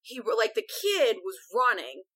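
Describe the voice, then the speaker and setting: A woman's voice: fairly high pitch, wildly swooping pitch, measured pace, pushed and bright, slightly rough, low-quality recording. A woman co-hosting a podcast, casually retelling a book chapter at length and peppering it with "like". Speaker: podcast co-host.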